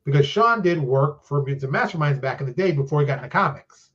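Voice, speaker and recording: A man with a slightly higher voice who talks as a guest on a live interview stream. He is an animated, chatty storyteller who keeps slipping into the voices of the people he quotes. The sound is a bit dull and lo-fi, like remote call audio. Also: fast, husky. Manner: chatty, loose and self-deprecating. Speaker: game designer and publisher guest.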